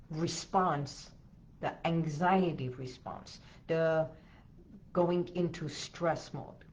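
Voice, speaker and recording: Woman, low voice, unhurried, soothing wellness coach, slightly dull lo-fi audio. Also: warm tone. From Los Angeles area, USA. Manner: slow, soothing, coaching with emphatic repetitions. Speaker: podcast host. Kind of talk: solo wellness talk, guiding techniques.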